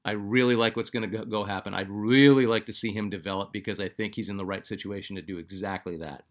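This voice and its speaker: A man's voice: fairly low pitch, fairly even intonation, fast talker. A man hosting a basketball fan channel, chatting casually and reading out viewer comments, with lots of fillers and restarts. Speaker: sports channel host.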